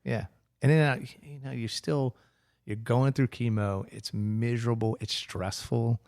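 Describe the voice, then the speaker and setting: A man's voice: medium pitch, steady tone, unhurried, creaky, a little mellow, no room sound, clean studio sound. A man as a podcast guest, telling stories in a chatty, self-mocking way and acting out what people said. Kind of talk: casual storytelling interview.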